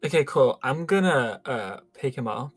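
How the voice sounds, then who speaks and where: A man playing in a tabletop role-playing game, talking casually and hesitantly, with halting starts. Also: mid-range voice, lively intonation, husky, soft background music. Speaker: player.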